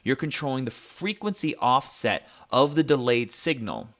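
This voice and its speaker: A music producer runs a casual livestream tutorial on mixing, demonstrating sounds at his computer in a home studio. He explains loosely and conversationally, often pausing with ums as he thinks aloud, in an expressive, mid-range voice that's a bit bright.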